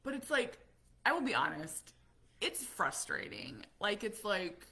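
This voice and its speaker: A middle-aged American woman telling stories in a casual live chat, animated and acting out what people said. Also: medium pitch, unhurried, creaky, slightly rough. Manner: storytelling, animated, acts out quotes. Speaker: vlogger, autism parent.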